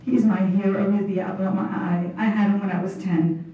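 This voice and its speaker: This is a woman in her thirties accepting a student honor with an unscripted, emotional, heartfelt speech of thanks. She talks briskly in a steady, mid-range voice over a noisy background, recorded from afar in a dull, echoing hall.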